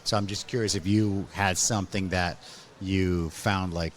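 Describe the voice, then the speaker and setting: Chill podcast host guy, lowish voice, says okay okay a lot, friendly rambling questions. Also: steady tone, a little slow. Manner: easygoing, lots of "okay" and "cool". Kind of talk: casual interview.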